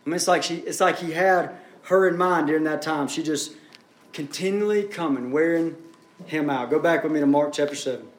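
A man's voice: a little high, brisk, roomy sound. A man preaching a sermon as pastor, building up and easing off in intensity. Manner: preaching with rising and falling intensity.

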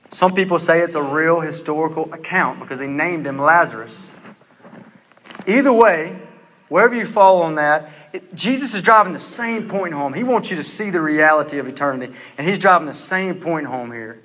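A man preaching a sermon, intense and emphatic, slowing down to stress his words. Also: fairly high pitch, a bit bright, big-room sound.

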